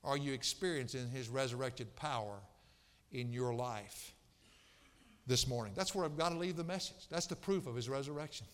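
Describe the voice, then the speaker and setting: A man preaching a fervent sermon, rising almost to shouts on key phrases. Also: mid-range voice, moderate pace, clear, resonant tone. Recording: echoey hall reverb.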